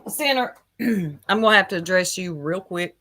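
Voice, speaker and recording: A woman's voice: on the low side, lively intonation, normal speed, sharp tone. A woman hosting a casual livestream, gossiping with chat and greeting viewers by name, laughing often. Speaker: livestream host.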